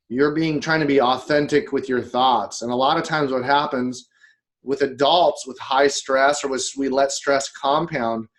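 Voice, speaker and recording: A man's voice: mid-range voice, a bit bright. A man co-hosting a podcast, talking candidly and in a rambling way, swearing now and then and acting out his own thoughts. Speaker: podcast co-host. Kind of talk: casual podcast chat.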